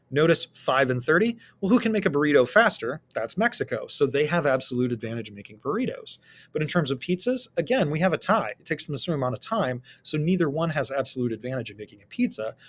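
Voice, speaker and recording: Male teacher, slightly high voice, animated delivery, quizzing and answering himself. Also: quick pace. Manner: lively, talks students through worked problems with rhetorical questions. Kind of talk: recorded economics lesson.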